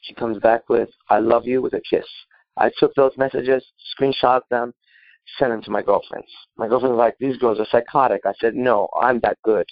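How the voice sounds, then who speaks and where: A man's voice: medium pitch, fairly even intonation, moderate pace, no echo, dull audio. A man answering a listener question in brash, profane casual talk, boastful and rambling with filler words.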